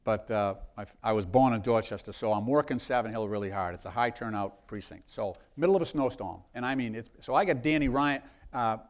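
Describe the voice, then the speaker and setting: A man's voice: medium pitch, fairly quick, few pauses. Middle-aged guy, congressman telling a long campaign story, lots of so so so restarts. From South Boston. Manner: rambling anecdotes with many restarts. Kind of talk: storytelling in a live interview.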